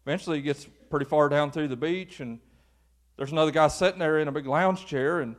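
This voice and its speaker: Male pastor, conversational sermon, slightly high pitch. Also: quick pace. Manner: folksy, conversational, rises to animated exhortation. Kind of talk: informal sermon.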